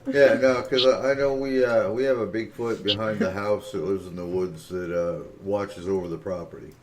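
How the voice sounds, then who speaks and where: A man hosting an interview in a relaxed, casual way, giving short affirmations and adding a few remarks of his own. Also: lowish voice, moderate pace, background noise. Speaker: host.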